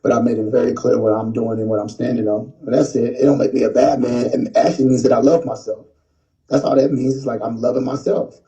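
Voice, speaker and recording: A man, explaining his views calmly and earnestly in a clip. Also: medium pitch, quick pace. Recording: dull lo-fi clip audio.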